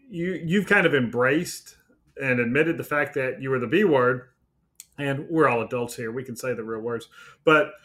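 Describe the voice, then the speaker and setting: A man's voice: medium pitch, sharp tone. A man in his fifties hosting an interview, speaking frankly and directly. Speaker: host. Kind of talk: conversational interview.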